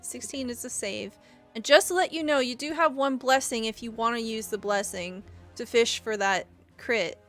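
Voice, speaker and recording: A woman with a fairly high voice runs a tabletop game as game master. She reads rules text out in an even, matter-of-fact way, then slips back into easy table chat. Faint music plays underneath. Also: normal speed.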